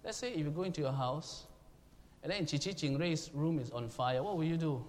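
A man preaching a sermon, emphatic and questioning his congregation, now and then shouting to make a point. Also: on the high side, fairly quick. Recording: long hall reverb, faint room noise.

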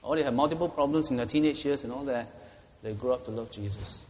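A middle-aged pastor leads a Bible study in a chatty teaching manner, pausing often to ask "okay?". His voice sits at an ordinary male pitch. The sound carries a long reverb from a church hall. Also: a little mellow. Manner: conversational, frequent "okay?" check-ins.

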